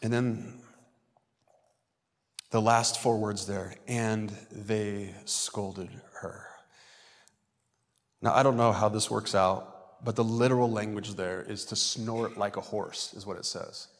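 A man's voice: fairly low pitch, fairly even intonation, measured pace, vocal fry, in a large hall. A male pastor preaching a conversational sermon in a church and now and then acting out the voices of the people in his text. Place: church sanctuary.

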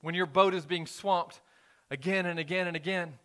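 Male pastor, slightly high voice, sermon delivery in a church, hushed scripture reading rising to emphatic appeals. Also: fairly even intonation, moderate pace. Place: church sanctuary.

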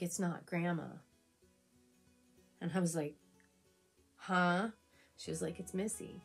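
A woman vlogger chatting casually while getting ready, telling an emotional personal story full of fillers and repeats. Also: lowish voice. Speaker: beauty vlogger. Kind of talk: casual chat during a get-ready-with-me video.

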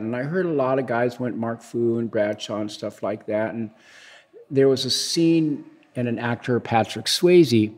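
A man in his sixties from the United States, telling stories as a guest in a relaxed, rambling way and acting out the dialogue he quotes. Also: mid-range voice. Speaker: guest, big-wave surfer. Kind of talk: casual storytelling interview.

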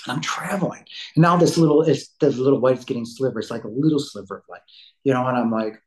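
This is a fast-talking man with a mid-range, somewhat dark voice, heard through poor audio. Guesting on a podcast, he recounts a personal story with loud, outspoken emphasis and blunt language. He wanders conversationally, restarting often and leaning on fillers.

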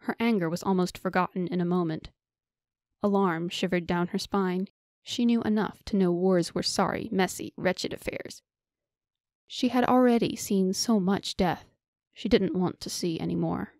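Woman, audiobook narrator, steady storytelling, close mic, dry sound. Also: mid-range voice, normal speed, dry recording. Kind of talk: scripted narration.

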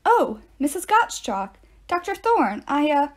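A woman's voice: sits high, sing-song, unhurried, voice pushed up. A woman reading aloud, voicing a nervous teenage boy who is out of breath and stammers in a flustered way.

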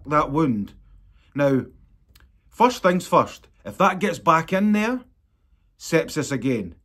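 A man's voice: fairly high pitch, fairly bright tone, breathy edge. A man, a tattoo artist talking straight to his viewers in a vlog, blunt, angry and sweary. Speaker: tattoo artist and channel host. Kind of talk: direct-to-camera vlog update.

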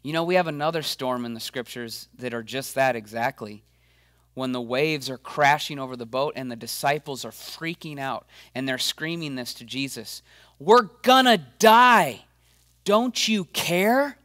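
Male pastor, middle-range voice, lively and encouraging video sermon, dry recording. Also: medium pitch, normal speed, no room sound. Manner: energetic, encouraging, acts out quoted voices.

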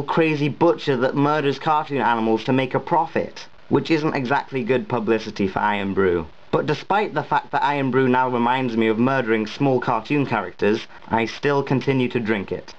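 Brief: young guy, vlogger, chatty and wry, dull lo-fi sound. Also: medium pitch. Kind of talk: casual vlog chat. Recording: dull lo-fi home recording.

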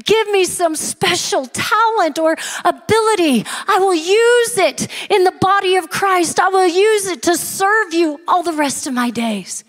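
A woman voicing a desperate, down-and-out man who loudly begs God for help in drawn-out pleas. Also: extremely high pitch, expressive, pitched above the performer's own voice, full character voice. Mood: pleading. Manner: wailing, begging, drawn-out pleas. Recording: reverberant church hall.

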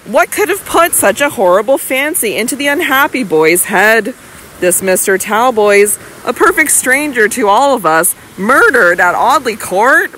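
A woman voicing an older baronet who speaks gravely and fondly to his wife. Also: on the high side, expressive, measured pace, bright, forceful tone, a little hiss or hum, rough recording. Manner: grave, affectionate, bewildered. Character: older male baronet, kindly, bewildered, fond husband.

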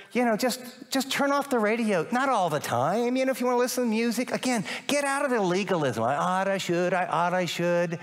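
An older man preaching a sermon as a pastor, animated and acting out little dialogues. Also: high-pitched. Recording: long reverb of a large hall.

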